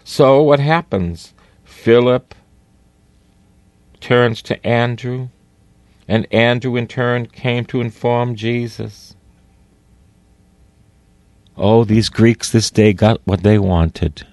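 A man's voice: medium pitch, a little mellow, no echo. A man preaching a sermon, repeating phrases for emphasis and stretching out key words. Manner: repeats phrases for emphasis, rising on quoted lines; slow, drawn-out emphatic delivery.

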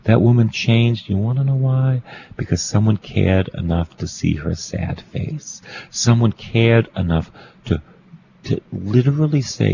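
A man's voice: lowish voice, expressive, measured pace, gravelly, warm tone, highs cut off, a little hiss or hum. A Catholic priest, a man, preaching a storytelling sermon, repeating phrases for emphasis and asking his listeners questions.

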